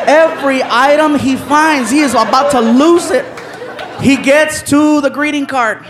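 Man, stand-up comedian, very high voice, animated storytelling, live crowd and noise. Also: unhurried. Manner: animated, loud, acts out characters with shouted voices. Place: live comedy venue with laughing audience.

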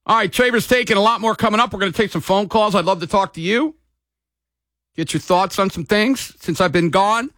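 A man's voice: high voice, fairly quick, sharp tone, no echo. A man hosting sports talk radio in a loose, rambling, casual way from a studio mic.

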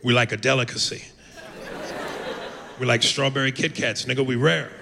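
A man's voice: mid-range voice, steady tone, moderate pace, creaky, over a noisy crowd. Brash profane stand-up comic man. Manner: brash, profane, acts out voices. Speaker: stand-up comedian. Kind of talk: stand-up set. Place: comedy club stage. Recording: live club mic with echo and noise.

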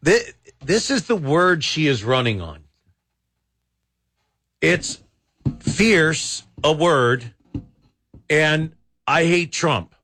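Male radio host, somewhat high voice, drawn-out rambling delivery, exasperated. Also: big pitch swings, sharp tone. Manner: rambling, exasperated, many restarts. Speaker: radio talk show host. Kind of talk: casual talk radio commentary.

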